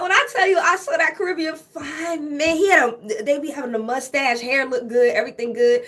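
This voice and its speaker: A woman with a fairly high voice chats casually to her camera like she's catching up with friends. She's an animated, gossipy storyteller who keeps breaking into laughter. She's recording from a hotel room during a layover. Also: a little fast, hardly any pauses. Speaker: flight attendant.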